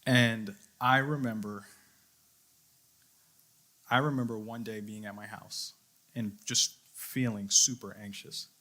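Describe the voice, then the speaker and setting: A man's voice: lowish voice, steady tone, slow pace, pauses often, bright, forceful tone. A young adult man, a youth leader, giving a sermon, telling a personal story in an earnest way and acting out his own thoughts. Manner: earnest storytelling with quoted inner voice.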